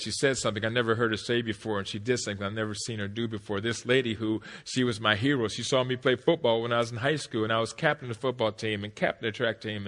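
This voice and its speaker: A middle-aged man giving a speech to an audience, telling a personal story emphatically. His voice drops to a hush, then rises loud. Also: mid-range voice. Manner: emphatic, swings between hushed and loud. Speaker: motivational speaker.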